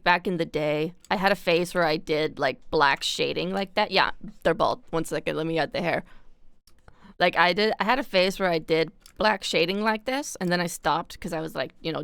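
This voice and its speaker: Young woman streaming from home, rambling casual chat with a lowish voice and a close, dry mic. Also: normal speed, gravelly, a bit bright, smooth, no room sound. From Canada. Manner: chatty, rambling, swears casually, frequent "like" and "bro".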